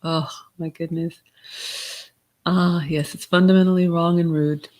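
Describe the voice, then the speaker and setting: A middle-aged woman, hosting a live Q&A, reading out chat comments and giving gentle advice in a casual tone. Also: on the low side, little pitch movement, a little slow. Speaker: livestream host answering chat questions.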